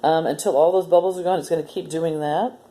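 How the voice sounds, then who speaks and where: A woman hosting a children's story time, reading a story aloud and gently explaining a simple demo step by step. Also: low-pitched, steady tone, fast.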